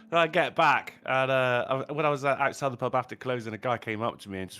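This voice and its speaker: A man's voice: mid-range voice, fast, few pauses, bright, forceful tone, clean tone, faint music behind. A man telling swearing pub stories on a casual stream. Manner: swearing anecdote-teller who acts out other people. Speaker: co-host. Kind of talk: casual podcast banter.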